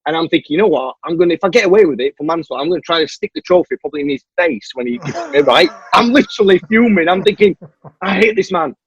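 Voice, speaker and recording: Fast-talking husky man telling a story. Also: on the high side, dry recording. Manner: animated storyteller who acts out the dialogue. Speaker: guest, stuntman and martial artist. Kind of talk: storytelling in a podcast interview. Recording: dull, dry lo-fi audio.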